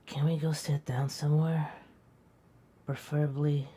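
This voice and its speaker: A woman voicing a sleepy, doting young female companion who speaks softly and affectionately in an animation. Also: low-pitched, little pitch movement, unhurried, slightly rough. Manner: soft-spoken, drowsy and affectionate.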